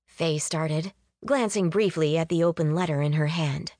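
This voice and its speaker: A woman reading a story aloud as an audiobook narrator, with expressive delivery. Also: low-pitched, normal speed, no room sound, studio quality. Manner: expressive reading, voices characters with lively lift. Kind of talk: scripted narration.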